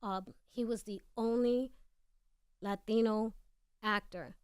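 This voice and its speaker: A woman's voice: fairly high pitch, steady tone, slow, clean tone, no room sound. A woman with a noticeable accent, a guest actress telling stories frankly and animatedly in a casual studio interview.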